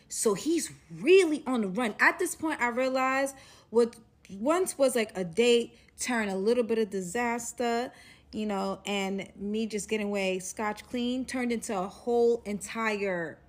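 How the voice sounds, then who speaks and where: A young woman telling a dramatic story to the camera, with loud bursts in an animated storytime vlog. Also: a little high, measured pace.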